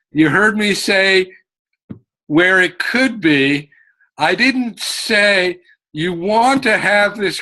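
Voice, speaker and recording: Guy teaching book marketing from an office, slow talker, lots of ums, bright voice. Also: high voice, low-quality recording. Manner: slow, deliberate explaining with frequent fillers. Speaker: writing and marketing instructor. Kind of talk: casual instructional talk to camera.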